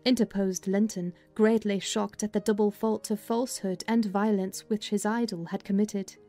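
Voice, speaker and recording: A woman narrating a dramatized audiobook of a classic novel, with a measured, expressive storytelling manner. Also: medium pitch, faint music behind.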